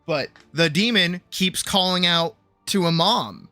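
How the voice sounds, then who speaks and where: A man streaming, recapping a story in a loose, animated way, swearing freely as he talks. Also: sits high, unhurried, no echo, soft background music. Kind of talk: casual chat.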